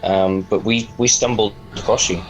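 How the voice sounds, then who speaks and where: A man plays a tabletop game in character, speaking politely with many fillers. His voice sits on the low side. Faint music plays behind him. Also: steady tone, normal speed, poor audio. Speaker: player.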